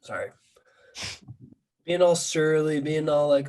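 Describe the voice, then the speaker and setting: A man co-hosting a podcast, talking sports in a casual, exasperated, animated rant. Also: a little high, slow pace, pauses often, low-quality recording. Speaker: podcast co-host.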